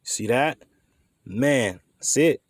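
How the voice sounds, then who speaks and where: A man's voice: mid-range voice, lively intonation, slow pace, a little hiss or hum. A man giving casual, emphatic scripture teaching, reading verses aloud and commenting in a loose, conversational way with occasional swearing. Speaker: bible teacher.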